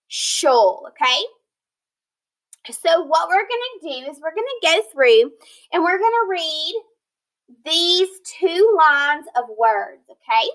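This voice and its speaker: A woman teaching a phonics lesson, sounding out word parts slowly and deliberately, praising and checking in with her students. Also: extremely high pitch, big pitch swings, a bit bright, rough recording. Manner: encouraging, checks in with "okay?". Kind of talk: recorded online lesson.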